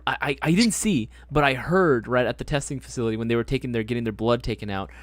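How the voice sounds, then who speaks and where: A man hosting a casual live stream chat, telling stories in an animated way, swearing freely and laughing often. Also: mid-range voice, fast, dry recording. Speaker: host.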